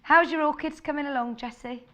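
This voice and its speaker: A woman with a low, husky voice, chatting in a bubbly way as she presents a live TV shopping show. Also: fairly even intonation, a little fast, fairly bright tone. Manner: bubbly, chatty, laughs often. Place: TV studio.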